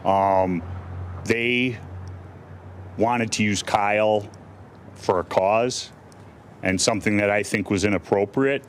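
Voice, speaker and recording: A man's voice: fairly low pitch, slow, long pauses, slight background noise. A middle-aged male defense attorney answering reporters' questions bluntly, with many restarts and fillers. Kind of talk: press conference answers.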